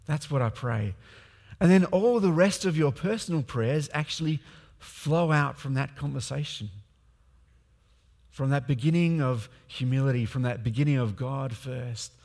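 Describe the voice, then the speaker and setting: A man's voice: medium pitch, unhurried, a little mellow, long reverb tail. A man preaching a sermon as a pastor, speaking conversationally with many fillers and restarts.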